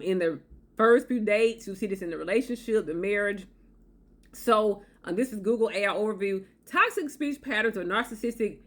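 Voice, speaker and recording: Brief: woman vlogger, emphatic, repeats herself, talks straight to the viewer, mid pitch. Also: fairly bright tone. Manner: emphatic, repetitive, checks in with "okay?". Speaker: relationship advice vlogger. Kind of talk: direct-to-camera advice talk.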